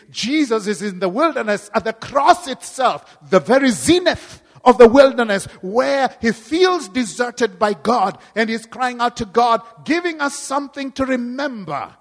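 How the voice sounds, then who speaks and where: A man preaching a sermon with great dynamic swings, dropping to hushed tones and rising to loud cries. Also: very high voice, animated, measured pace, few pauses. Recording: long hall reverb.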